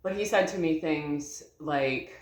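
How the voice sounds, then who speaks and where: A woman's voice: low voice, unhurried. A woman in her thirties telling a personal story to her viewers in an earnest, heartfelt way, calling them y'all. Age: 30s. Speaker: vlogger. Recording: echoey room.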